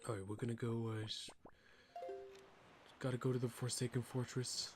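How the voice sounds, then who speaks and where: A man's voice: medium pitch, flat delivery, moderate pace, music in the background. A man streaming a video game, chatting casually with viewers and joking along.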